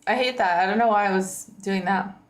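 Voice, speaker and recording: A woman streamer talks casually to her viewers, rambling, with lots of "like" and "um". Her voice is slightly hoarse and sits at a middle pitch for a woman. The room has a noticeable echo. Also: a little fast. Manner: rambling, chatty, frequent likes and ums. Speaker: livestreamer.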